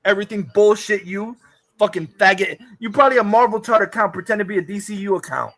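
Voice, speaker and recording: A man with a strikingly high voice co-hosts a live movie review stream in a casual, profane rant. He sounds heated and mocking, and he swears freely. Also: fast talker, a bit bright, poor audio. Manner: crude, heated and mocking, laughs at his co-host.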